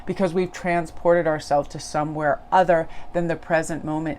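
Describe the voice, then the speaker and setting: A woman's voice: sits low, fairly even intonation, moderate pace, darkish tone, slight background noise. A middle-aged woman, a tarot reader, telling a personal story in an earnest, casual spiritual monologue.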